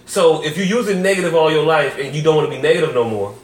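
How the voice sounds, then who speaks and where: A man co-hosting a podcast in casual chat, animated and laughing often, stumbling over restarts. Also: a little high, quick pace, distant mic. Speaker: podcast co-host. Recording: roomy, from off-mic, faint noise.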